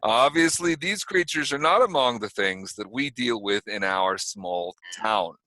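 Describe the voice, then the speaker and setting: A man's voice: on the low side, expressive, a little slow, sharp tone. A man voicing a formal, solemn male small-town sheriff with a New York accent in a tabletop game. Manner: formal official apology.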